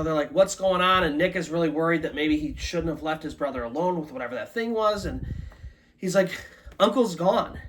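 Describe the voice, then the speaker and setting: Live storyteller, conversational ghost story, middle pitch, casual fillers. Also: fairly bright tone. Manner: loose conversational telling with many "like" and "kinda".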